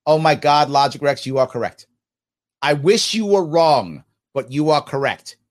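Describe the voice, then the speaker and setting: A man's voice: a little high, expressive, moderate pace. A man hosting a podcast, giving emphatic, opinionated commentary on listener comments with sarcastic asides.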